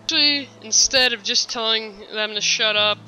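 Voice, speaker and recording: A gamer recording a let's play at home, complaining and often clearing a thick-sounding throat. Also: medium pitch, moderate pace, bright, forceful tone, slight background noise, rough recording. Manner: easily frustrated, complaining aloud. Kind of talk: casual game commentary.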